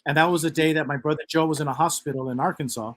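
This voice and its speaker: A man in casual conversation who keeps the talk moving with short affirmations and gentle prompts. His voice is a little higher than most men's. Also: fairly even intonation, very fast. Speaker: co-host prompting stories.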